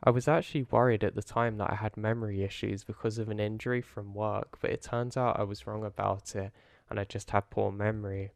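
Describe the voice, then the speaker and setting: A man calmly narrating a first-person horror story in a low-key way. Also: brisk, creaky, no echo, studio quality. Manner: calm, low-key retelling.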